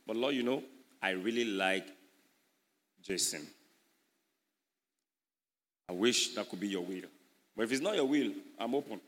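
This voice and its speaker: A preacher doing a bashful young woman murmuring a hesitant prayer about two suitors, her voice dropped low and quiet. It rings in a reverberant hall. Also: animated, measured pace, pauses often. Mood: shy pleading. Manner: soft, hesitant praying. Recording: echoey hall.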